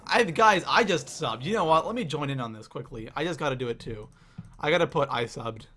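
A young man from Canada hosting a live game stream, excitedly reading the chat out loud. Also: a little high, fairly quick, slightly rough.

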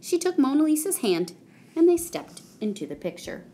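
A woman reading a children's story aloud in a slow, expressive way. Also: high-pitched. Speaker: storybook reader.

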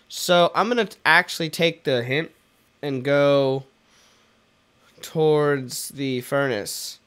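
A man's voice: mid-range voice, slow, fairly bright tone. A young man hosting a let's play, rambling jokily and self-deprecatingly as he plays. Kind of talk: casual gameplay commentary.

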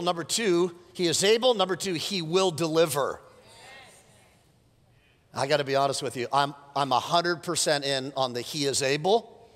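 A man's voice: fairly high pitch, normal speed, a bit bright, big-room sound. A man preaching a sermon as pastor, moving from a casual story to fervent exhortation. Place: large church hall.

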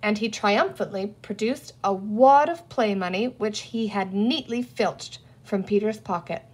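A woman reading a children's storybook aloud in a clear, deliberate manner. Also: mid-range voice. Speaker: audiobook reader. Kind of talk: storybook narration read aloud.

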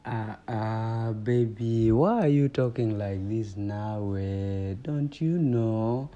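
A performer playing a demanding young girlfriend, coaxing and scolding in slow, drawn-out phrases. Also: medium pitch, mellow, lo-fi sound, lightly acted.

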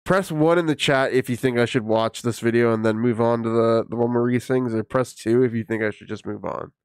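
A man's voice: mid-range voice, a little fast, clear, resonant tone, no room sound, clean studio sound. A man streaming live, reacting to a video with laughs, profanity and mocking asides. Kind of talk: casual live-stream commentary.

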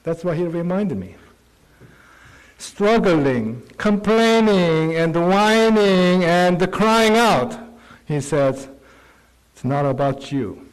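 Male pastor, English speaker, slow earnest conversational sermon, voice a bit high. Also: expressive, clear, resonant tone, low-quality recording.

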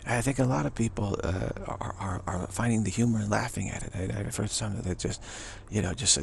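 Gravelly low-voiced man, rambling commentary. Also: slight background noise. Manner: chuckling, halting, with many restarts. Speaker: spiritual commentator.

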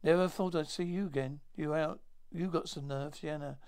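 A man's voice: fairly high pitch, fairly even intonation, moderate pace, a little mellow, clean tone, close to an everyday voice. A man voicing a stern male alien marshal holding a grudge, speaking in a cold, curt way.

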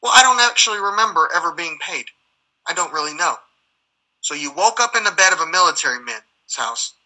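A man's voice: a little high, animated, brisk, pushed and bright, low-quality recording. A man, a military veteran, telling rambling stories as a guest in conversation, swearing and acting out the dialogue as he goes. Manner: profane, heated, acts out dialogue.

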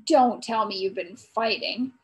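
A woman voicing a bustling, caring farm mother who gently scolds and fusses. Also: medium pitch, unhurried, voice pushed down, natural voice, low-quality recording. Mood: alarmed.

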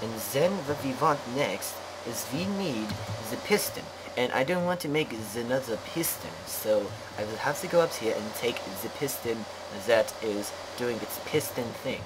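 A man's voice: mid-range voice, animated, normal speed, hardly any pauses. A man hosting a let's play, rambling and joking to himself as he plays, self-mocking and chatty. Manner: rambling, jokey, self-mocking, talks to himself while playing. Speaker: gaming channel host. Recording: clear background noise.

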